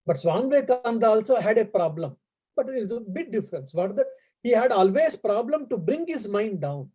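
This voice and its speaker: A monk giving an earnest spiritual talk, explaining as he goes and pausing on fillers. His voice sits high, with a mellow, husky tone. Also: very animated, low-quality recording. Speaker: monk and lecturer. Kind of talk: spiritual lecture with storytelling. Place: embassy lecture event.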